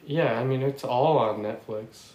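A man guesting on a podcast, chatting casually with a laid-back, wry manner and quick crude comebacks. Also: medium pitch, darkish tone, dull audio. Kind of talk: casual comedic chat. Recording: echoey room with faint noise.

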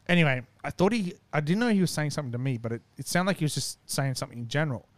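A man's voice: on the high side, racing, few pauses, no room sound. A man casually telling a long, profane story and acting out what people said. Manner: animated, profane, acts out quotes.

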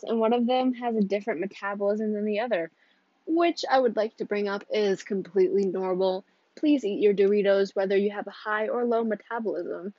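Teen girl solo podcaster, giggly and rambling, mid-pitched, dull-sounding dry mic. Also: mellow, no echo. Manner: rambling, giggly, self-interrupting. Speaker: podcast host. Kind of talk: casual solo podcast chat.

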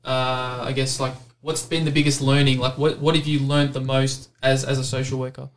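A man in his thirties hosting a podcast, asking questions in a halting way with many ums. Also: mid-range voice, flat delivery. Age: 30s. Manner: halting, many fillers and restarts. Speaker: podcast host. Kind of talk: casual podcast interview.

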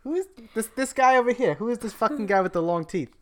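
A man doing a yelling bouncer at Hell. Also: mid-range voice, expressive, quick pace, voice pushed up, close to an everyday voice. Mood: furious. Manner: yelling, swearing. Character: angry male bouncer at Hell.

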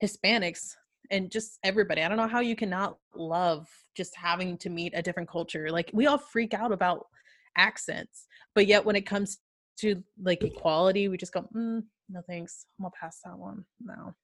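A woman's voice: lowish voice, normal speed, fairly bright tone. An earnest young woman talking casually with a friend. She gushes and often stumbles and restarts mid-sentence. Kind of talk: casual chat.

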